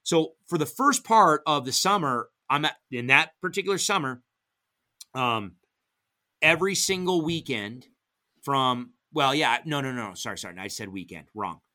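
A middle-aged man telling hunting stories as a podcast guest, casual and animated, acting out quoted dialogue with big jumps in pitch. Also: normal speed. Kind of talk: casual storytelling.

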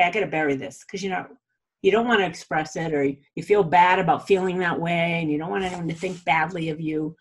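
A woman in a casual spiritual teaching talk, chatty, often laughing and saying "you know" and "like". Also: on the low side.

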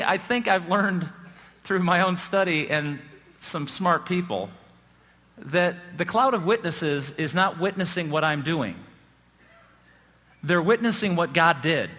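A middle-aged man preaching a sermon as pastor, telling stories with self-deprecating humor and building excitement. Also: high voice. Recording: long hall reverb.

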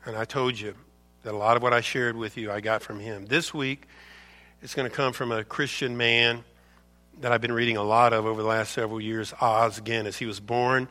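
A man's voice: mid-range voice, little pitch movement, brisk, bright, forceful tone. A man preaching a sermon as a pastor, emphatic and preachy, repeating words and asking rhetorical questions. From United States.

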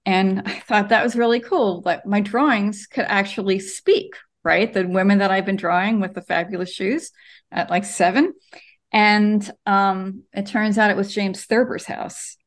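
A woman cartoonist, a guest in an interview, telling her story with lots of ums over a video call from her home studio. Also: mid-range voice. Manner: animated storyteller, many ums.

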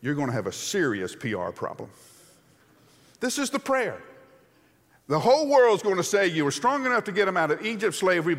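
A man preaching, voicing an exasperated male prophet who complains to God in a whiny, pleading way. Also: mid-range voice. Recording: long hall reverb.

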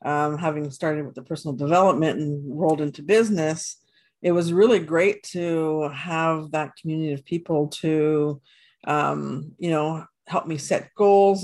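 A woman's voice: low voice, darkish tone. A woman guest on a podcast who answers at length with many fillers and restarts. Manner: rambling, frequent fillers and restarts. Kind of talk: casual interview chat.

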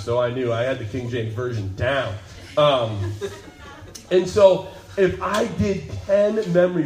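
Animated pastor in an echoey room. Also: male voice, mid-range voice. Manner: animated storyteller, acts out voices. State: lingering cold, coughing. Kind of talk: sermon storytelling.

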